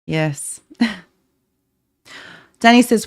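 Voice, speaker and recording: Softly spoken London woman coaching live. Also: on the low side, normal speed, smooth. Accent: London, softened. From North London, England. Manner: warm encouraging, talks to chat by name, many restarts. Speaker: relationship coach, livestream host. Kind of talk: live-stream chat answering viewers.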